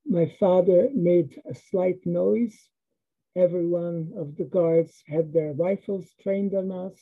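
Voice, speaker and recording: An older woman telling a personal story slowly and vividly, acting out the dialogue. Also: fairly low pitch, steady tone, husky. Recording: tinny phone-like sound.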